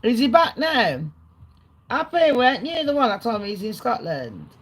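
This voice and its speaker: A woman hosting a livestream, ranting casually to her chat in an excitable, rambling way, swearing a lot. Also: fairly high pitch, normal speed, rough recording. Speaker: livestream host. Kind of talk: casual rant to a live chat.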